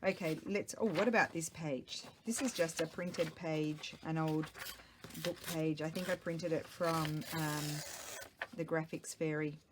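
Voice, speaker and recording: A middle-aged woman with a low voice chats loosely as she works on a craft project, thinking aloud and wandering off topic. She talks into a small microphone at home, with a faint hiss behind her. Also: steady tone, measured pace. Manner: chatty, rambling, talks to herself while working. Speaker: craft vlogger. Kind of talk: casual chat while crafting.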